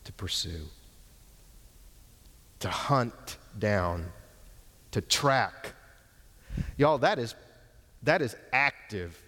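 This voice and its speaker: A man teaching Hebrew from the pulpit, preaching slowly and emphatically, repeating words for stress. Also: mid-range voice. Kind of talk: sermon with Bible exposition. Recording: long hall reverb.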